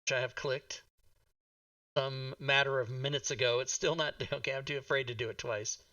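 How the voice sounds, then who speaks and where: A man playing in a casual tabletop game, excitable, swearing freely and laughing as he talks, heard from a slightly distant mic. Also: medium pitch, normal speed, no room sound. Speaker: player.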